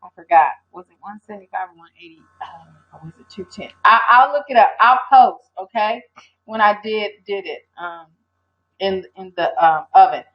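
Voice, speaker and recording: A woman's voice: mid-range voice, moderate pace. Older woman, rambling livestream chat. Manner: rambling, hesitant, reads viewer comments aloud. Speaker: livestream host. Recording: dull lo-fi stream audio.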